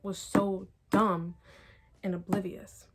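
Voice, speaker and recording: A young woman giving a casual, exasperated book review at home, talking fast with many fillers and laughs. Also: mid-range voice, level tone, background noise.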